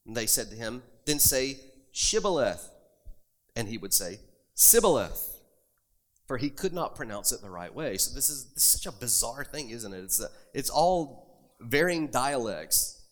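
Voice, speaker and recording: A pastor delivers a sermon in a medium-pitched, fairly bright voice with lively intonation at a moderate pace. He reads scripture aloud and drives his points home with rising emphasis.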